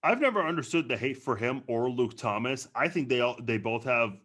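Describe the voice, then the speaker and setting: Bright-voiced chatty podcast guest. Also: male voice, medium pitch, expressive, fairly quick. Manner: chatty, hesitant with fillers. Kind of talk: casual chat.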